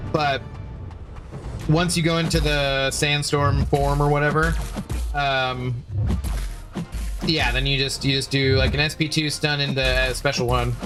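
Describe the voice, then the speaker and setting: A man's voice: a little high, level tone, normal speed, music in the background. A man chatting casually on a livestream, reading chat aloud and rambling playfully with many self-corrections.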